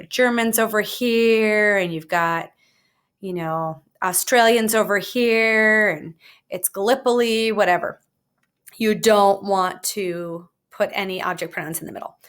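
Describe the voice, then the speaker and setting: A woman's voice: medium pitch, fairly bright tone. A woman teaching a recorded Spanish grammar lesson with jokey, playful asides.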